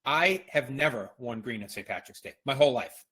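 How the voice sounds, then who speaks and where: A middle-aged man from the Boston area, co-hosting a podcast in casual chat, opinionated and animated as he tells stories. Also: mid-range voice, brisk, husky. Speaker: podcast co-host.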